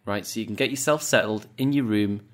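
A man's voice: lowish voice, a little fast. Brief: male podcast co-host, hesitant, rambling talker. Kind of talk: casual chat.

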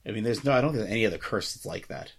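A man co-hosting a podcast chat, thinking aloud in halting, wondering phrases. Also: fairly low pitch, breathy edge. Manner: musing, halting, thoughtful. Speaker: podcast co-host. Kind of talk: casual chat.

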